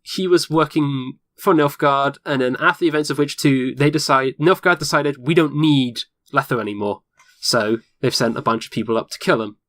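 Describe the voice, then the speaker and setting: A man's voice: mid-range voice, moderate pace, a bit bright, no echo. A man co-hosting a podcast in casual chat, explaining things enthusiastically. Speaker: podcast co-host. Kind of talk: casual chat about a video game.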